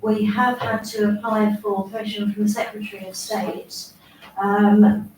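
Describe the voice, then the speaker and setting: A woman's voice: medium pitch, flat delivery, unhurried, darkish tone. Woman, council member, matter-of-fact explainer; distant, very echoey, noisy room. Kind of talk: council meeting discussion. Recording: echoey chamber, distant mic, background hum.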